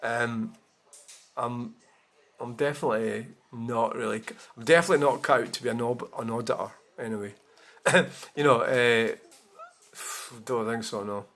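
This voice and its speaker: A man's voice: mid-range voice, steady tone, normal speed, fairly bright tone. A man chatting casually to his viewers, rambling with many fillers and restarts. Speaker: channel host. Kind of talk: casual chat to camera.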